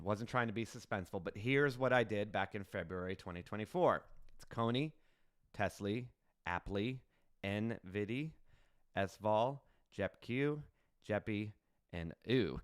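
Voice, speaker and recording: A man hosting his own finance channel, walking through an investment plan in a casual, animated way, often checking in with "right?" and joking at his own expense. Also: fairly low pitch, measured pace, smooth, dry recording, studio quality. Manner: animated, asks "right?" often, jokes at himself.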